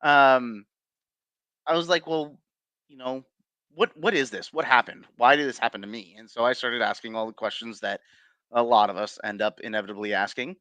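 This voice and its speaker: A man's voice: medium pitch, moderate pace, bright, forceful tone, no echo. A man being interviewed as a paranormal investigator, telling his stories casually with many fillers, restarts and chuckles.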